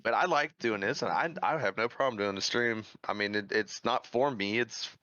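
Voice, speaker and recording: Man from kentucky, low pitch, bright tense voice, dull dry sound, open and candid guest talk. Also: moderate pace, dry recording. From central Kentucky.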